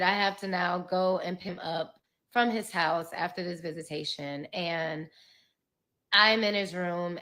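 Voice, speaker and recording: Woman telling her story, lowish voice. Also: a bit bright. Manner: emotional, swears, laughs nervously, apologizes. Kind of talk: candid personal storytelling.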